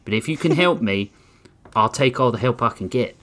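A man's voice: mid-range voice, animated, moderate pace, fairly bright tone, close to an everyday voice. A man voicing a blunt, folksy small-town police chief.

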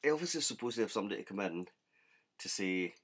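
A man co-hosting a podcast, chatting casually about comedy and chipping in with quick questions and agreement. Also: lowish voice, animated, fairly bright tone. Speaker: podcast co-host. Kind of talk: casual comedy review chat.

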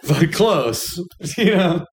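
A man's voice: fairly high pitch, sing-song, drawn-out words, a little hiss or hum. A young man, telling his own story in a casual, plainspoken way full of fillers. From East Texas. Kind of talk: personal story told to a radio show. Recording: music playing under the voice.

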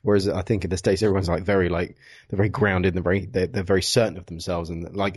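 A man's voice: fairly low pitch, fairly even intonation, fast talker, breathy edge, no room sound, clean studio sound. A man from England with an English accent hosting a podcast, chatting casually, self-deprecating and chuckling. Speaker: podcast host. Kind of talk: casual chat.

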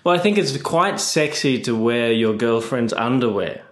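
A man's voice: mid-range voice, expressive, normal speed. A man with an Australian accent, a guest correspondent joking cheekily through a casual chat.

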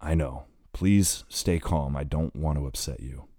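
An evasive young woman doctor dodging hard questions in an audiobook, read by a man. The reader keeps his voice very deep and dark, barely lifting it for her. The sound is dry and close. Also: measured pace, no room sound. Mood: defensive. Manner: guarded, evasive. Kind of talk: audiobook character reading.

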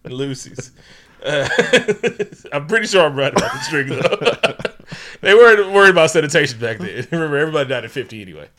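A man's voice: fairly high pitch, sing-song, fairly quick, a bit bright. Podcast co-host, man, loose comic storytelling, lots of laughing. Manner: laughs often, acts out characters in slangy voices. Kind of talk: casual comedic movie recap.

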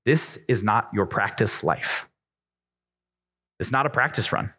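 A man's voice: unhurried, husky. Emphatic male youth pastor preaching. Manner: emphatic, repetitive preaching that climbs in pitch when excited. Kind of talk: youth sermon. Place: church youth room.

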